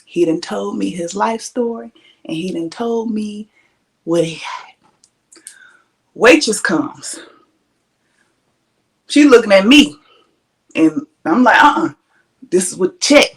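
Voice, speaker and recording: Animated, profane woman podcast host. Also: mid-range voice, takes it slowly, long pauses. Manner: animated, profane, laughs often. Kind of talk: casual storytelling.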